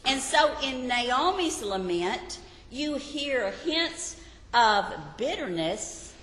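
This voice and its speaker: Female Bible teacher, unhurried sermon delivery, repeats points, quizzes the room; roomy church hall sound. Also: sits high, big pitch swings, fairly bright tone. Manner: emphatic, repeats key phrases, questions the audience. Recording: echoey hall with long reverb.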